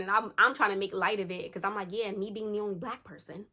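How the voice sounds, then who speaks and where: A young woman vlogger telling a spooky storytime to her viewers in a casual, slangy, animated way. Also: mid-range voice, fast talker, hardly any pauses. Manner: animated, slangy, addresses listeners as y'all.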